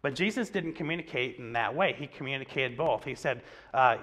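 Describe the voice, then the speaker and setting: Bright-voiced pastor telling stories. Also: male voice, medium pitch, lively intonation, brisk, hardly any pauses. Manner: conversational storytelling with many fillers. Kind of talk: sermon.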